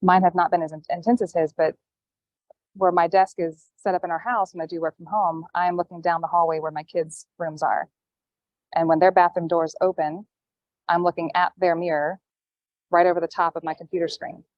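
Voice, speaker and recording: Lower-voiced woman on a dull call line. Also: level tone, brisk, darkish tone, dry recording. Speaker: guest on a call-in panel. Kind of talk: casual storytelling chat. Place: airport gate area. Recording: dull, dry call audio.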